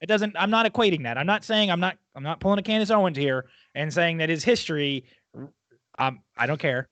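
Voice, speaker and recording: A man, co-hosting a podcast and telling stories in a joking way, repeating words in quick bursts. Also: on the high side, animated, fairly bright tone. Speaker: podcast co-host. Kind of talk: casual chat.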